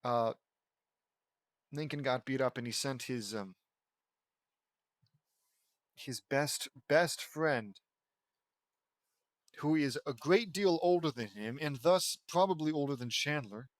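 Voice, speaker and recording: A man's voice: medium pitch, slow, pauses often, no echo, studio quality. A man reading fan fiction aloud and breaking off into sarcastic, rambling asides that question the story. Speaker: reader and commentator.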